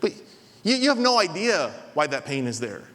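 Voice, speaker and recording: A man's voice: on the high side, moderate pace. A man in his thirties preaching a sermon as a pastor, telling a story and acting out the voices in it. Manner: animated, acts out voices in his stories. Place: large church hall. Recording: long hall reverb.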